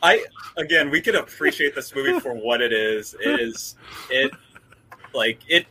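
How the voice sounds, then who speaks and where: A man talking in a casual panel discussion, halting and restarting his sentences. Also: mid-range voice, bright, forceful tone, slight background noise. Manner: halting, restarts often, laughs easily.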